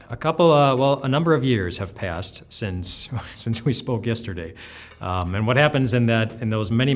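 A man, a pastor, giving an earnest, conversational devotional talk that often restarts its phrases. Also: fairly low pitch. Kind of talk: devotional teaching.

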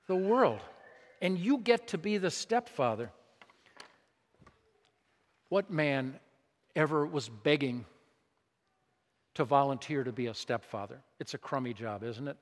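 A man with a fairly high voice delivers a sermon, talking with his congregation rather than at them. He leans on emphasis and throws out rhetorical questions. His voice rings out with the long reverb of a large church hall. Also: expressive, measured pace, long pauses. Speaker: preacher.

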